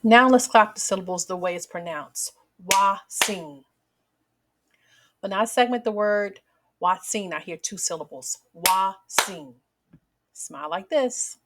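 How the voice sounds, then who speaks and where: A woman teaching a children's phonics lesson, speaking slowly and splitting words clearly into syllables. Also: medium pitch, noisy background. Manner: slow, clearly segmented words for kids.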